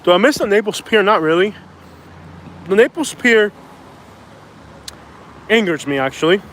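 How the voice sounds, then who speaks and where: Out on a street, a young Floridian rambles casually for a walk-and-talk vlog, filming on a phone mounted to a handheld stabilizer. His voice sits high and a bit bright, with lively intonation and a moderate pace, peppered with "like" and restarts over slight background noise.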